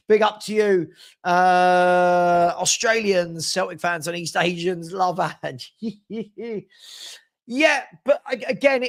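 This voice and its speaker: A man hosting a live football stream, chatty and teasing as he reads viewer comments and gives shout-outs. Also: sits high. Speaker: host of a live football transfer show.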